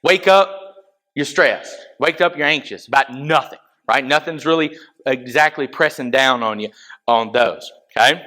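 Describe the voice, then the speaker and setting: A man's voice: mid-range voice, unhurried, bright, forceful tone. A young adult man giving a casual youth sermon, talking straight to the kids and checking in with frequent "okay?"s. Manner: talks straight to the audience, asks them questions. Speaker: youth pastor.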